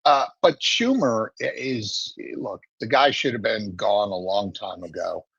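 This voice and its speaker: A man giving political commentary as a guest, emphatic and opinionated, talking in steady runs. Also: lowish voice, a little slow, creaky, breathy edge, dry recording, highs cut off. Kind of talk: political talk show commentary.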